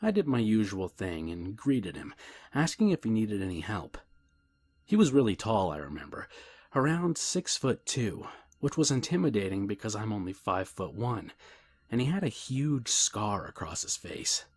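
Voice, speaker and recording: A narrator reads a scripted horror story in a calm, measured manner. His low voice has a husky edge, and at times he sinks into a hushed whisper.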